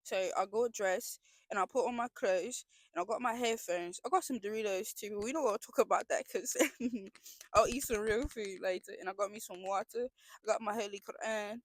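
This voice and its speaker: An earnest young woman speaks straight to her viewers in a casual confessional vlog, her mid-pitched voice rambling and circling back on itself as she talks through her feelings. The sound is dry and close, with little room around it. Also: a little fast, dry recording. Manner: earnest, emotional, rambling with restarts. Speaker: vlogger.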